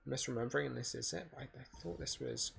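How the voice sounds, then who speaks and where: A man's voice: mid-range voice, fast talker, gravelly, a bit bright, a little hiss or hum. A man giving casual speedrun commentary while playing, rambling and correcting himself as he thinks aloud. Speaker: gaming video creator.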